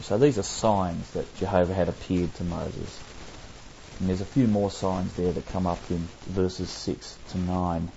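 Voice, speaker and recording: Male bible study leader, low and mellow, dull lo-fi recording, explains and asks rhetorical questions. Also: steady tone, measured pace, vocal fry, slight background noise.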